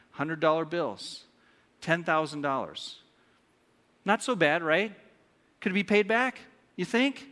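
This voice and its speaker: A man's voice: on the high side, a bit bright. Playful male pastor in an echoing hall. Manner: playful, asks the congregation questions. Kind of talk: sermon. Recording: long hall reverb.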